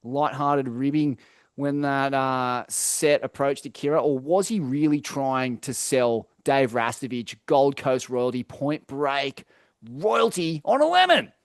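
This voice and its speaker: A man's voice: medium pitch, lively intonation, slow pace, dry recording, clean studio sound. A young Australian man co-hosting a casual podcast, telling stories loosely with plenty of swearing and fillers. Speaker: podcast co-host. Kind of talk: casual chat.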